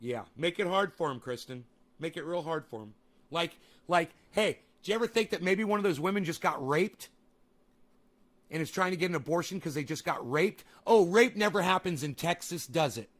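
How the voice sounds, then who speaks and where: Angry, profane streamer ranting at chat. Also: male voice, fairly high pitch, animated, normal speed, fairly bright tone. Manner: profane, exasperated, sarcastic. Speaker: live streamer. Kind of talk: angry live-stream rant reacting to chat.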